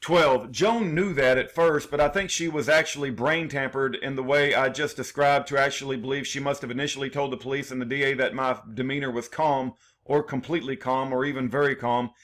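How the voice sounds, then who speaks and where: A man's voice: mid-range voice, steady tone, fairly quick, a bit bright. A man reading his own prepared statement in numbered points, earnest and aggrieved, with small restarts. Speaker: defendant telling his case.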